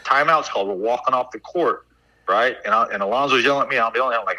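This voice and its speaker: Bright-voiced male basketball coach, chatty. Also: mid-range voice, fast, rough recording. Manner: animated storyteller, many "like" and "right?" fillers. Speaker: basketball assistant coach, guest. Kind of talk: casual storytelling interview.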